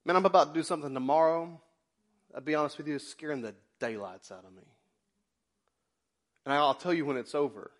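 A man preaching as pastor in a church, passionate, swinging between loud exclamations and quiet confessions. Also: fairly high pitch, brisk, long pauses. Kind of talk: sermon. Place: church sanctuary.

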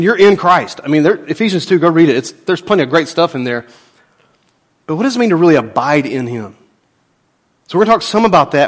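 A male pastor preaches in a church, his voice a bit high for a man. He talks in a folksy, emphatic way, swinging between loud bursts and soft asides. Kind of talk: sermon and church interview. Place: church sanctuary.

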